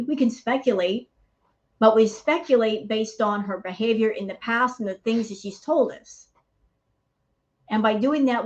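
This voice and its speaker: Fired-up woman ranting on a lo-fi mic. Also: fairly high pitch. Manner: fired up, ranting, addresses viewers as y'all. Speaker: reaction channel host. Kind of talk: heated commentary.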